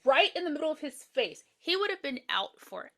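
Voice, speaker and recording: Lively high-voiced woman recapping a movie. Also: a little fast. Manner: animated, laughing retelling with asides. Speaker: podcast co-host. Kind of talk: casual chat recapping a movie.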